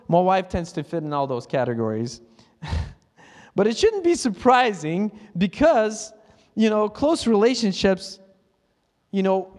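High-voiced man preaching in a reverberant hall. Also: a little mellow. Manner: conversational, self-laughing, mimics others' prayers. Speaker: pastor. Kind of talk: sermon.

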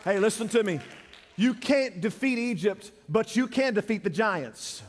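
A man preaching a sermon, swinging from loud shouts to quiet pleading. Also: sits high, animated, a little slow, long reverb tail, soft background music. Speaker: pastor.

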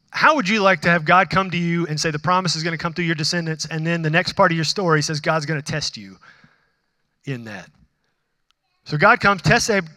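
A man's voice: fairly high pitch, no room sound, clean studio sound, long reverb tail. A man preaching a sermon as a pastor, talking conversationally, asking the congregation questions and acting out dialogue with God. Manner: acts out dialogue with God in animated bursts.

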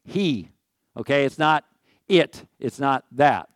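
A man's voice: medium pitch, animated, takes it slowly, no room sound. Folksy pastor in his sixties, dry sound. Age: 60s. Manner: folksy, rambling, with jokes and asides. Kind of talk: sermon.

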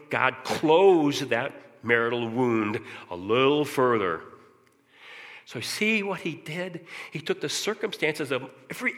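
A man giving an emotional personal recovery testimony, earnest and halting, repeating words when moved. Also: mid-range voice, a bit bright, long reverb tail.

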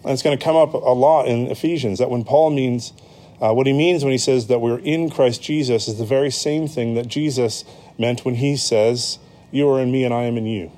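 A pastor with an American accent delivers a sermon in a relaxed, conversational way. His mid-pitched voice is warm and mellow rather than bright. He pauses on ums and corrects himself mid-sentence as he explains. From United States.

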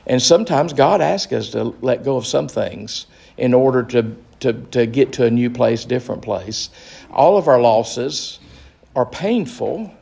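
A man leading a Bible study as pastor, speaking slowly and earnestly with restarts. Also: mid-range voice, lively intonation, gravelly, darkish tone, slightly rough. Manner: slow, earnest, with fillers and restarts.

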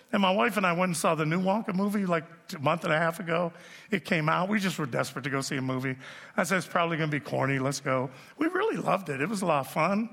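Gravelly high-voiced pastor in his sixties. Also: fast talker. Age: 60s. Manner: animated storytelling, jokes with the audience. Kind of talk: sermon. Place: church auditorium. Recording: long reverb of a large hall.

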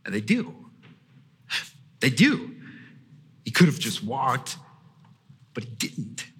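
A man preaching a sermon as pastor, telling the story in an animated way and acting out the voices of the people in it. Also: mid-range voice, takes it slowly, breathy edge, big-room sound. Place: church sanctuary.

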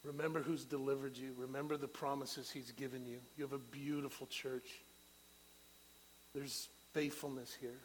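A middle-aged man preaching a sermon to a church, building to loud, rising peaks and then dropping to quiet, low prayer. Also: level tone, moderate pace, slight background noise, rough recording.

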